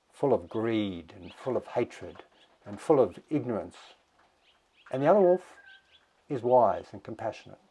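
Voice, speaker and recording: A man voicing a wise, gentle old grandmother in a calm, patient way. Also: lowish voice.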